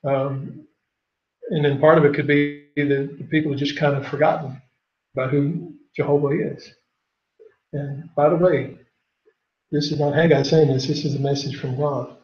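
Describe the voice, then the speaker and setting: Guy teaching bible class, reads verses then quizzes the room, kinda high voice, echoey lo-fi recording. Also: steady tone, moderate pace, pauses often, darkish tone, a little hiss or hum. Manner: reads scripture aloud, then questions the class.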